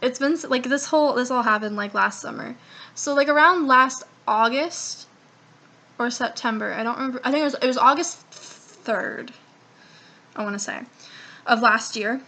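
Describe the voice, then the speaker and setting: Bright, high-voiced young woman telling a story. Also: normal speed. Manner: profane, rambling, animated retelling with quoted dialogue. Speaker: vlogger. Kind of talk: casual storytime vlog.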